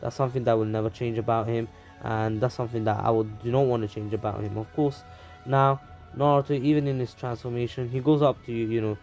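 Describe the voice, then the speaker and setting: A man's voice: mid-range voice, fairly even intonation, a little fast, darkish tone, faint music behind. A man casually narrating a fan story, rambling with many fillers.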